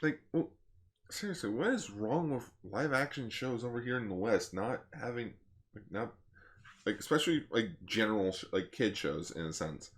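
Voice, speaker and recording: A man co-hosting a podcast in casual chat, relaxed, explaining plot points with hesitant restarts. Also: fairly low pitch, normal speed. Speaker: podcast co-host.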